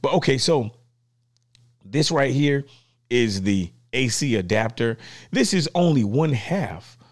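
A man hosting his own vlog unboxes new gear, sounding excited yet speaking slowly at a medium pitch. His talk is casual and playful, packed with slang.

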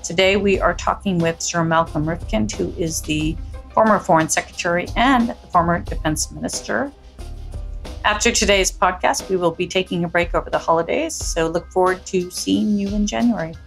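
A woman's voice: lowish voice, moderate pace, gravelly. A woman hosting a podcast, interviewing a guest in a friendly, conversational way. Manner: friendly, conversational, brief acknowledgements. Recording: roomy sound with faint music.

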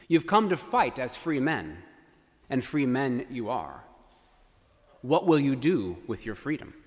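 A man voicing a defiant Scottish rebel leader as he declaims to his troops and rises to a yell. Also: mid-range voice, big pitch swings, unhurried, long reverb tail. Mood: rousing.

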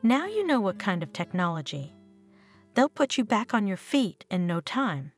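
A woman voicing a calm, frank male hospital doctor in an audio story, speaking matter-of-factly. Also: mid-range voice, moderate pace, soft background music. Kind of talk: storybook narration.

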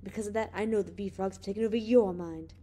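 A woman voicing a tense male officer in an audiobook, loud, insistent and accusing. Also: mid-range voice, fairly even intonation, fast, natural voice. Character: tense male officer holding friends at gunpoint.

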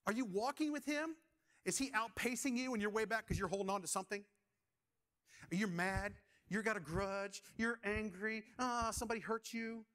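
A man with a high, bright voice preaches a sermon to his congregation. He leans on questions to the listeners and stories from his own past. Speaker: pastor.

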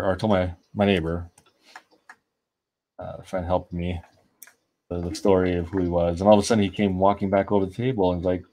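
A man's voice: low voice, a little mellow. A man telling a long, rambling anecdote in casual chat while he colors artwork, often restarting his sentences. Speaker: artist streaming a coloring session. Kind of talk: casual storytelling while drawing.

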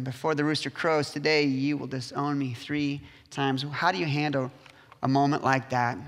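A man preaching a sermon as pastor, telling the story in a lively way and acting out the quotes. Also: on the high side. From United States. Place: church sanctuary. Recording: reverberant church hall.

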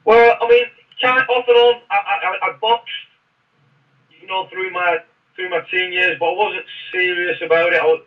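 Brief: man, fairly high, bright voice, rambling storyteller, mic distant and muffled. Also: fairly even intonation, moderate pace, faint music behind. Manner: rambling, frequent restarts. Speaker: podcast guest, former Royal Marine. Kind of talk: casual interview storytelling. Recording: muffled, distant podcast audio.

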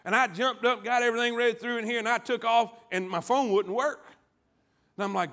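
A man preaching a sermon as pastor, calling on the congregation to answer back and swinging from quiet, low lines to loud ones. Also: fairly even intonation, a little fast. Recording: church sanctuary.

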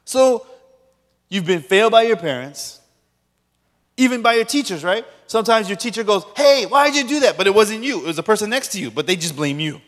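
A man's voice: sits high, animated, fairly quick, fairly bright tone. A man preaching as a pastor, joking with the audience and acting out quoted voices. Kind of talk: sermon. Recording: long reverb of a large hall.

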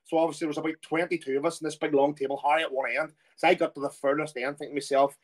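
High-voiced Irish man telling stories. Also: very fast. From Ireland. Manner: animated storyteller who acts out quoted voices. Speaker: former footballer guest. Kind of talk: casual anecdotal storytelling.

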